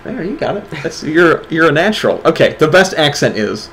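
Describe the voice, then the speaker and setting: A man's voice: a little high, big pitch swings, normal speed, a bit bright, a little hiss or hum, poor audio. A man co-hosting an online awards show in casual chat, joking and teasing his co-host.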